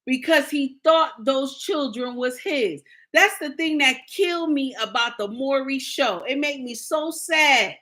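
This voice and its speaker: Sassy high-voiced woman ranting. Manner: animated, sassy and indignant, acts out quotes. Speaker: commentator. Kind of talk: casual rant to viewers.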